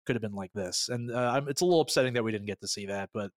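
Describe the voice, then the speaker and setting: A man's voice: fairly low pitch, very fast, no room sound, studio quality. A man co-hosting a podcast, chatting casually through an episode recap with lots of fillers and acted-out lines. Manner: rambling, filler-heavy, acts out characters' lines. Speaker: podcast co-host.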